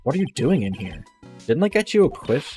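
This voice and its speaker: A man's voice: mid-range voice, big pitch swings, brisk, mellow, faint music behind, lightly acted. A man reading Phoenix Wright, a wry young lawyer. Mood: dry. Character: young male defense lawyer, flustered and wry.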